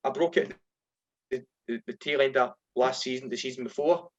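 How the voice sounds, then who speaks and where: A middle-aged Scottish man, a former footballer, telling lively anecdotes in a casual interview and acting out voices when he quotes people. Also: medium pitch, moderate pace, dull audio. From Scotland. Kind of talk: casual storytelling.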